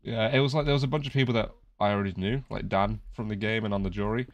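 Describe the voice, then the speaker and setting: A man's voice: lowish voice, fast, lo-fi sound. A young British man chatting casually while playing a game, teasing and swearing freely. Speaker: streamer. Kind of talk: casual gaming chat.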